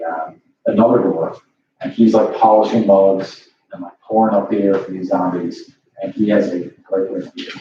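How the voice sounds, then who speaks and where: A man with a low, mellow voice narrates a tabletop game as its dungeon master, rambling along with plenty of "like" and "uh". He sits well back from the mic in a very echoey room, and the recording is dull with a faint hiss. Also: far from the mic. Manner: rambling, many fillers and "like".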